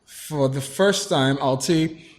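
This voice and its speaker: A man giving his views as a guest on a political talk show, opinionated and halting, with frequent restarts. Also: a little high. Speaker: guest commentator.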